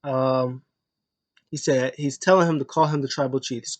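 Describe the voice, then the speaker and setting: A man's voice: mid-range voice, steady tone, moderate pace. A man casually recapping a wrestling match move by move, rambling with lots of uh fillers and restarts. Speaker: wrestling show reviewer.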